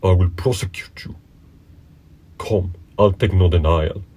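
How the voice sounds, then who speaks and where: A man's voice: deep voice, fairly even intonation, measured pace, husky. A man growling out a cunning old bully dog. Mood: blustering. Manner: loud and blustering.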